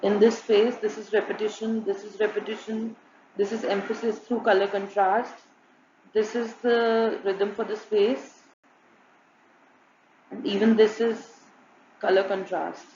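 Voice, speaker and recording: A woman narrating a student design presentation, listing examples in a flat, repetitive way. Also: medium pitch, measured pace, pauses often, slight background noise. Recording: muffled, echoey room with faint ambience.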